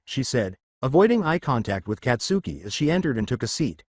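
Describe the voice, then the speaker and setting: A man narrating a fan fiction story with an expressive reading. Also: mid-range voice, fairly quick, hardly any pauses, no echo, studio quality.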